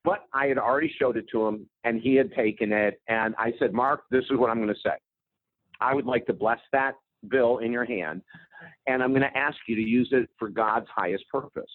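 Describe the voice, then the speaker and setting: A man, a guest author, telling a story with lively energy in an interview. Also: mid-range voice, brisk, dry recording. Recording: tinny phone line, dry.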